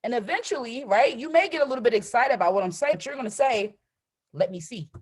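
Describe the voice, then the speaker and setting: Husky woman coaching with "right?". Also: on the high side, fast talker. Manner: repeats "right?" constantly, emphatic and animated. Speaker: trading coach hosting a live call. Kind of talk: live-streamed motivational talk.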